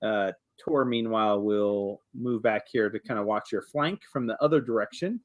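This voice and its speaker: A man running a tabletop game as game master, talking in a relaxed, hesitant way full of ums. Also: lowish voice, moderate pace.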